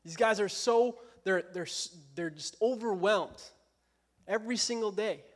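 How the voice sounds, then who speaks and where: High-voiced young preacher, joking and casual. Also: male voice, unhurried. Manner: casual, joking, self-deprecating. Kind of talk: casual youth sermon. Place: church.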